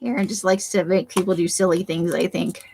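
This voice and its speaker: A woman's voice: on the low side, steady tone, brisk, vocal fry, noisy background. A woman streamer chatting casually with her viewers, teasing them by name and joking about herself. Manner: chatty and self-deprecating, talks to viewers by name. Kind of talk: casual livestream chat.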